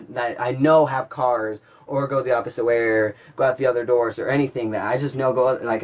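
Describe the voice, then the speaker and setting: A young man vlogging, telling a story to his viewers in an animated way and calling them guys. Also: mid-range voice, breathy edge, recorded from a distance. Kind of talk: storytelling vlog.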